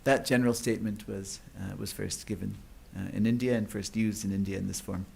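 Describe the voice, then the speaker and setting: A man's voice: lowish voice, steady tone, fairly quick, creaky, darkish tone, a little hiss or hum. A man giving an academic lecture at a conference. He explains at length, with many fillers and restarts. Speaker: conference speaker.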